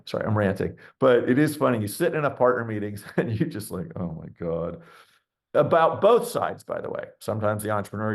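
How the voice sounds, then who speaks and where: Blunt, ranting middle-aged man investor. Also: mid-range voice. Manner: blunt, ranting, acts out quoted voices. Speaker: venture capital investor, webinar guest. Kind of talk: candid conversational webinar talk.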